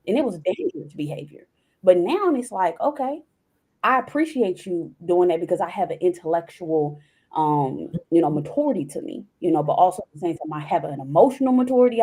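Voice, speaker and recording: A woman's voice: fairly low pitch, warm tone, husky. A woman speaking as a podcast guest in a casual, open interview, acting out past conversations as she talks. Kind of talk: casual candid interview talk.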